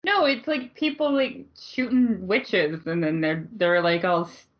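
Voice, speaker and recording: A woman's voice: mid-range voice, a little slow, muffled recording. Chatty woman laughing through a rant. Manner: chatty, laughs often, blunt and dismissive. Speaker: podcast co-host. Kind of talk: casual movie discussion.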